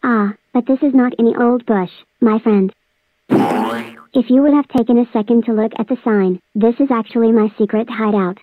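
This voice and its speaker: A woman's voice: fairly high pitch, fairly even intonation, normal speed, no echo, close to an everyday voice. A synthetic female text-to-speech voice playing a gloating villain who spreads a spammy operating system, taunting and threatening. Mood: scheming. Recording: dry tinny phone-like audio.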